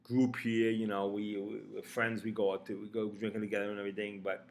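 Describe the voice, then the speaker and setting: A man playing a male mob friend who calmly explains that he has to kill his buddy, in blunt, profane talk. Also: a little fast, slight background noise, lightly acted. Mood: grimly resolved. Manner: profane, blunt, low-key threatening. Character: menacing male mob friend, regretful but resolved.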